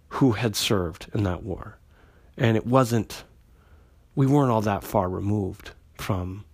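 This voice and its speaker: A man's voice: on the low side, a little mellow, no room sound. A man recapping an old comic book issue in a casual, rambling way, with many fillers and restarts. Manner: conversational, lots of fillers and restarts, paraphrases characters loosely. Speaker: comic book podcast host.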